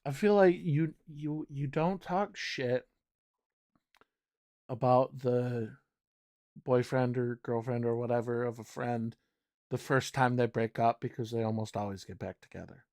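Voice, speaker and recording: A man's voice: mid-range voice, fairly even intonation, measured pace, a little mellow, dry recording, clean studio sound. A man streaming a game live, commenting casually and wryly while thinking aloud and swearing now and then.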